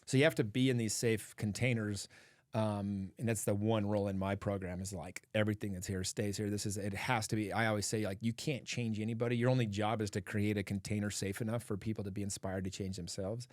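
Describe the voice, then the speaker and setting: Earnest low-voiced man telling stories. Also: little pitch movement, a little fast, darkish tone, dry recording. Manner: earnest, storytelling, frequent "like" fillers. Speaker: podcast guest, men's coach. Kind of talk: casual podcast conversation.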